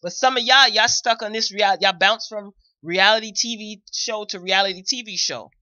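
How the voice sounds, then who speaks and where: A woman's voice: mid-range voice, moderate pace, pushed and bright, no echo, lo-fi sound. A woman hosting a live commentary show, talking straight to her viewers and repeating phrases for emphasis. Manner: chatty, addresses viewers directly. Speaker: host.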